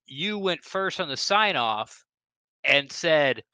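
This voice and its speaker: A man co-hosts a fan podcast with a bright, lively voice, teasing and bantering with his partner. His pitch moves freely as he jokes. The recording is close and dry. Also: takes it slowly, clean tone, dry recording. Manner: teasing, banters and laughs often. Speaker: podcast co-host. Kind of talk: casual chat.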